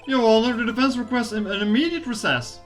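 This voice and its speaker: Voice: mid-range voice, fast talker, faint music behind, lightly acted. A streamer reading an earnest young defense lawyer. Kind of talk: reading game dialogue aloud on a stream.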